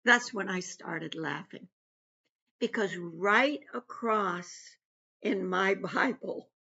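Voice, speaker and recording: A woman's voice: medium pitch, slow, creaky, pushed and bright, slightly rough. A woman giving an earnest personal devotional talk, retelling scripture. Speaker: devotional speaker. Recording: dull lo-fi recording.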